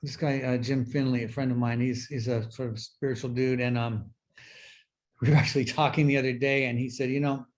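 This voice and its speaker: A middle-aged man sharing his recovery story at a workshop, speaking in a halting, reflective way with many fillers and restarts. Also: mid-range voice, flat delivery. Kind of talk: personal sharing talk.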